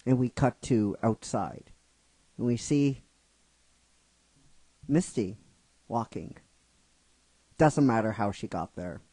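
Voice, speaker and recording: Man, middle-aged, rambling casual storyteller, slow delivery, dry close sound. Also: fairly low pitch, lively intonation, warm tone, husky, dry recording. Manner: rambling and chatty, with many restarts and asides. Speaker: narrator of a fan script series. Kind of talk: casual spoken story narration.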